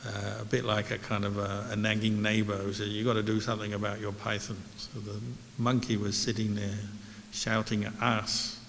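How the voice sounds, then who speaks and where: A man with a low, fairly flat voice tells a relaxed, humorous story as a monk teacher. His voice carries a long hall reverb with a faint hiss. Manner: easygoing, anecdotal, gentle humor. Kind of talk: relaxed dharma talk storytelling.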